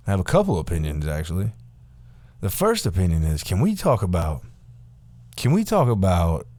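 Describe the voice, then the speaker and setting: A man's voice: lowish voice, no room sound. A man in his forties ranting casually to camera, rambling, sarcastic and profane. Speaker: vlogger.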